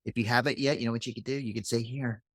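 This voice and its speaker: Casting: podcast host, man, relaxed and jokey, dry close mic. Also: mid-range voice, rapid-fire, no room sound. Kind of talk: casual podcast chat.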